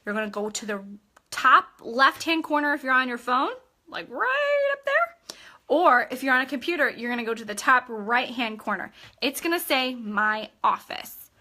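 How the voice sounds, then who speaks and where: Bright, chatty woman coaching her sales team. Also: fairly high pitch, normal speed. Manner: energetic, chatty, repeats points and checks in with "okay?"; acts out customer chats in a bubbly voice. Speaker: direct sales team leader. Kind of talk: live video training for her sales team.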